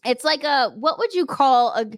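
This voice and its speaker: A woman's voice: high voice, lively intonation, moderate pace, no echo, studio quality. A woman from the United States, a radio host, chatting in an interview in a bubbly, playful way and laughing easily. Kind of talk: casual interview chat.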